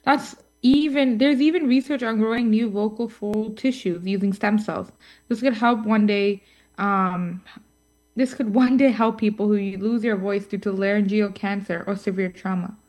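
A woman co-hosts a scripted podcast segment, reading her lines in a middle-pitched voice. She stumbles now and then, fills pauses with ums and drops in playful asides. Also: fairly even intonation, a little mellow. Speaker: co-host. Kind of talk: scripted podcast chat on voice technology.

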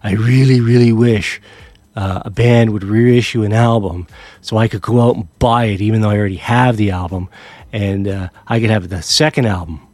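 A man's voice: on the low side, moderate pace, dry recording. Rambling, self-deprecating male radio host. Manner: rambling, self-deprecating, with animated quoted voices. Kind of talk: casual storytelling chat.

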